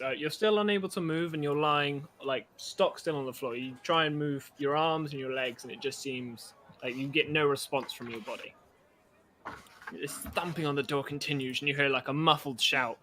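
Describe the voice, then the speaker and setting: A man runs a tabletop game as its game master, narrating in a loose, rambling way full of fillers. His voice is bright and slightly higher than most men's. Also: normal speed.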